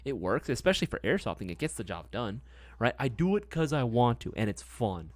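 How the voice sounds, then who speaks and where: A man's voice: medium pitch, very animated, fairly quick, no echo. Laid-back slangy young man, dry sound. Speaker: livestream host. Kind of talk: casual live-stream product chat.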